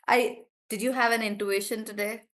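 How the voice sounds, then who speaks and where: A woman teaching pronunciation in a live online class over a video call, praising students and stretching words out syllable by syllable. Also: fairly high pitch. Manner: encouraging, draws out syllables slowly when modeling words.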